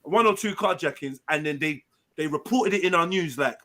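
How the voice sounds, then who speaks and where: A man's voice: on the high side, a little fast, sharp tone. A man hosting a live online panel, brash and teasing, swearing freely in casual banter. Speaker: panel host.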